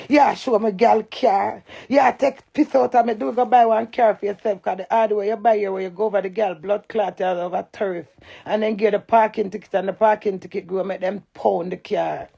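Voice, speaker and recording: A middle-aged woman with a Jamaican accent, ranting loud and cantankerous on a live stream and swearing in patois. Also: medium pitch, vocal fry. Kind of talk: heated live-stream rant.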